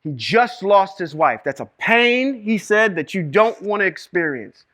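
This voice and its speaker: Man, Bible teacher, high voice, lively, asks the room questions. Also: measured pace. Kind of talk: classroom teaching to a live group. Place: room with a small live audience.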